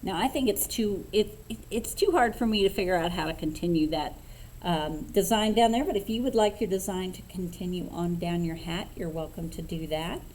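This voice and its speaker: Woman craft instructor, lower voice, casual step-by-step talk, faint hum in the room. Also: poor audio. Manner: relaxed, unhurried, thinking aloud with fillers. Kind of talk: step-by-step painting tutorial.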